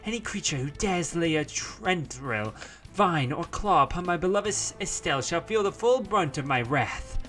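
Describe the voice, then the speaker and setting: A man's voice: a little high, expressive, normal speed, a bit bright, soft background music, pitched above the performer's own voice. A man voicing a proud, wordy young female sword knight who boasts in archaic, pompous speech, reading a visual novel aloud. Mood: boastful.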